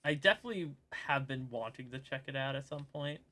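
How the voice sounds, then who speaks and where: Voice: medium pitch, expressive, fairly quick, sharp tone. A streamer in casual gaming chat, rambling and joking with frequent giggles.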